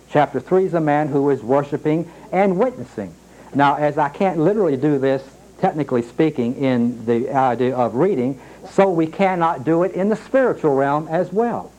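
A man preaching a sermon, slowing down to read scripture aloud and rising sharply in pitch on his questions. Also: a little mellow, low-quality recording. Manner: emphatic, rises sharply on questions. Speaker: pastor.

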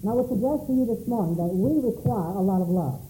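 A man's voice: sits high, animated, quick pace, warm tone, roomy sound, slight background noise, poor audio. A man preaching a sermon in a church, calling out questions dramatically to the congregation. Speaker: pastor.

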